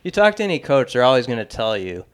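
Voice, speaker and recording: A man co-hosting a casual sports podcast, his voice smooth and resonant at a middle pitch. He gives wry, emphatic opinions. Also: sing-song, fast. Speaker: podcast co-host.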